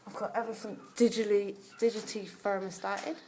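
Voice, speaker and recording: A woman's voice: medium pitch, little pitch movement, fast, slight background noise. A woman giving a chatty, proud, rambling tour of her aviary, filmed on a handheld camera while she walks. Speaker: bird keeper giving a tour. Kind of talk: casual walk-through tour. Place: backyard bird aviary. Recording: loud birdsong all around.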